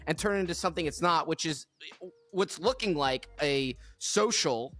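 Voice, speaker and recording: A fairly high-voiced man co-hosting a podcast in loose, casual chat. He laughs mid-sentence and keeps a sarcastic edge as he rambles through his points. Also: animated, normal speed, fairly bright tone. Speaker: podcast co-host.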